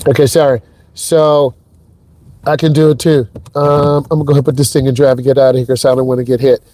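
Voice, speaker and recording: Warm-toned and level, his medium-pitched voice moves fast. The man, a driving instructor, drives while giving hyped live commentary on the lesson, addressing viewers directly.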